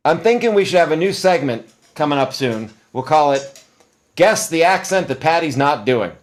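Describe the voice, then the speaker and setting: A man's voice: a little high, animated, moderate pace. A man on a video call with a dry, teasing way of setting up a joke. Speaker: comedian and musician. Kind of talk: casual chat.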